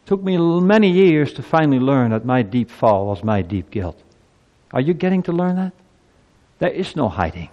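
A man in his fifties preaching a sermon, moving from quiet reflection to loud, urgent appeals. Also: mid-range voice, big pitch swings, normal speed, highs cut off. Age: 50s.

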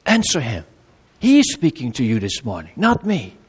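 A male pastor delivering a sermon, swinging between raised, urgent appeals and low, quiet pleading, with measured pauses and repeated phrases. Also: huge pitch swings, slightly rough. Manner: preaching with wide swings between loud high appeals and low quiet pleas.

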